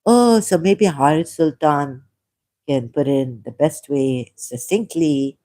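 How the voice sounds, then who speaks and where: Reading an article aloud and rambling about it, this ex-Muslim vlogger, a non-native English speaker, speaks slowly in a mellow, mid-range voice. They're hesitant and self-correcting, often letting out small laughs, and still sore from a recent cough.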